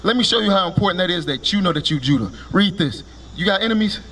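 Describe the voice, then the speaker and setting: Quick-paced and lively in intonation, a high, slightly bright man's voice carries a little hiss or hum. Preaching to passers-by on the street, he curtly demands "Read" before each scripture, explains it, and peppers the crowd with "right?" and rhetorical questions.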